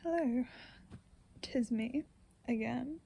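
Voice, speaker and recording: A young woman with a fairly high voice talks casually to camera. She rambles and makes fun of herself, laughs a lot, and often drops to a soft half-whisper. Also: slow pace, vocal fry, slightly rough. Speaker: vlogger.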